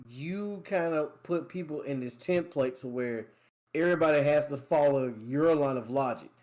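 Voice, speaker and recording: Higher-voiced rambling man, casual chat. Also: normal speed, darkish tone. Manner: rambling, heavy use of "like, you know". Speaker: guest gamer friend.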